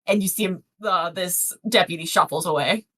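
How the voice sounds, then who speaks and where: A woman's voice: fairly low pitch, normal speed, pushed and bright. A woman narrating as game master, casual and rambling.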